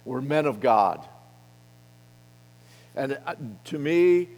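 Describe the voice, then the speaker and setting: A middle-aged man preaching a sermon to a men's gathering, speaking boldly and emphatically, with his loudness rising and falling widely. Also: medium pitch, lively intonation, takes it slowly, pauses often. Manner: bold, emphatic preaching with wide swings in loudness. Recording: long reverb of a hall.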